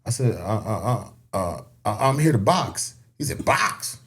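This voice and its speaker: Man in his thirties, podcast guest, animated storyteller, pitch leaps around a lot, laughs through his stories. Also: normal speed. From Elgin, Illinois. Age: 30s. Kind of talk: casual storytelling.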